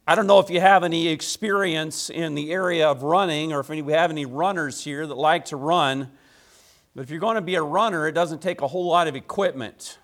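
A man's voice: on the high side, a little fast, fairly bright tone. A male pastor preaching a sermon in a folksy, conversational way, with emphatic repeated phrases and rhetorical questions. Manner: folksy, conversational address to the congregation.

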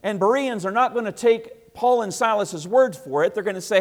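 A man preaching a sermon to a congregation, emphatic and repetitive, swinging between loud passages and hushed asides. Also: high voice, normal speed, few pauses.

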